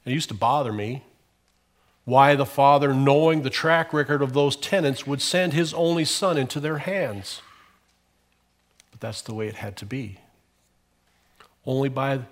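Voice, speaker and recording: Storytelling male pastor preaching. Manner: storytelling preacher, swelling louder on key phrases and dropping low at ends. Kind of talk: sermon. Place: church.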